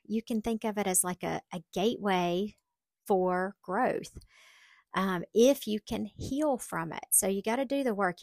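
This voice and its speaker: A woman's voice: mid-range voice, no room sound. A middle-aged woman, hosting a solo podcast and chatting candidly with self-deprecating humor. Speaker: podcast host. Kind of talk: casual solo podcast talk.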